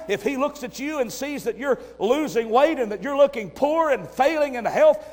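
Older man, preacher, high voice, emphatic sermon, loud then hushed. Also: expressive, fairly quick, hardly any pauses.

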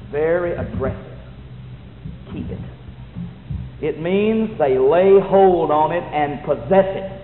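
Fervent preacher, high and echoey. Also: male voice, a little hiss or hum. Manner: fervent, swings from shouting to hushed. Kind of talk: sermon. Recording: echoey hall, tinny phone-like sound.

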